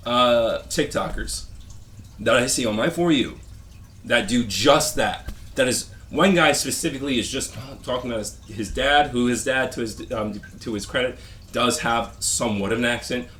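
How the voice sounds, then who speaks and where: A man's voice: mid-range voice, a bit bright. A man vlogging a rambling complaint, sarcastic and dismissive, stopping and restarting his sentences often. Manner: halting, rambling rant with frequent restarts.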